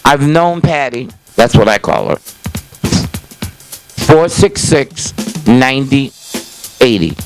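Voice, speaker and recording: A man's voice: mid-range voice, expressive, slow pace, pauses often, music in the background. An older man hosting a call-in talk show, chatting loosely to viewers in a folksy way with lots of "you know" and restarts. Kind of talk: casual rambling monologue to viewers. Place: small indoor set filmed by a cameraman. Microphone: speakerphone call on camera.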